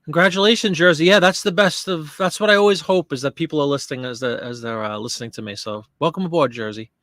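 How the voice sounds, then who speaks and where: A man's voice: fairly high pitch, quick pace, a bit bright, no echo, clean studio sound. A man hosting a live listing stream, chatting casually and answering viewer comments while he works. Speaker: live stream host listing items for sale.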